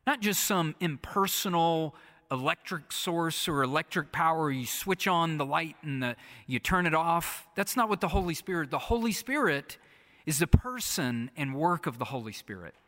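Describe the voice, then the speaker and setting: A pastor preaching a sermon, repeating phrases and often dropping to a soft, hushed delivery. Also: male voice, a little high, expressive, normal speed. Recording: long reverb of a large hall.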